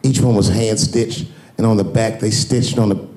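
A man's voice: fairly low pitch, fairly even intonation, moderate pace, mellow. Man doing stand-up, roomy live sound. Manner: loose storytelling with swearing and acted bits. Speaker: stand-up comedian. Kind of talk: stand-up comedy. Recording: roomy live stage recording with audience. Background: audience.

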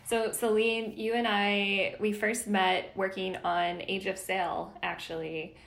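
A woman's voice: medium pitch, little pitch movement, takes it slowly, gravelly, fairly bright tone, echoey room. A woman hosting an interview podcast over a video call, effusive and gushing, laughing often. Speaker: podcast host and producer. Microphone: video call mic.

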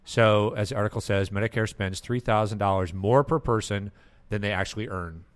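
A man with a fairly low voice hosts a podcast. His talk is loose and chatty, and it is broken up by easy laughter. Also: brisk. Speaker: podcast host. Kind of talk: casual podcast chat.

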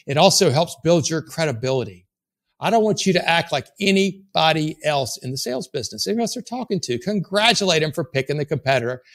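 A man's voice: fairly high pitch, expressive, quick pace, fairly bright tone. A man coaching salespeople in a blunt, emphatic way, swearing freely as he talks them through prospect meetings. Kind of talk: motivational coaching talk.

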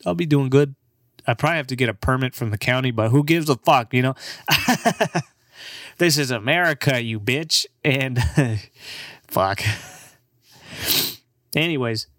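Laid-back young comedian guy rambling and cussing, laughs a lot, slow talker, dead dry sound. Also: medium pitch, fairly bright tone, no echo. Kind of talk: casual rambling monologue.

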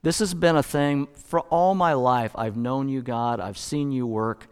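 Conversational preacher in a reverberant hall. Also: male voice, mid-range voice, a little slow, clean tone. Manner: conversational, storytelling preacher with self-corrections. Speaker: pastor. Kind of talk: sermon.

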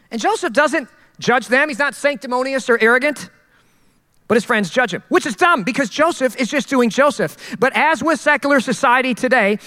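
A male pastor delivers a sermon with animated, conversational energy and a joking streak. His voice is high and bright for a man, and it carries a long reverb from a church hall.

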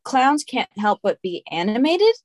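Woman host in relaxed chat. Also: fairly high pitch, measured pace. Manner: brief agreeing replies. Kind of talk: casual chat.

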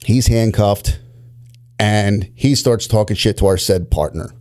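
Man, former cop, storytelling, profane, warm dark voice. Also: on the low side, a little slow. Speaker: former police officer telling stories. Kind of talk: casual chat.

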